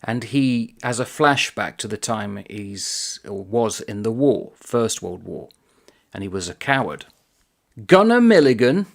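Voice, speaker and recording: A man's voice: fairly low pitch, gravelly. A man chatting casually about a book he is reviewing, reading passages aloud in a conversational manner.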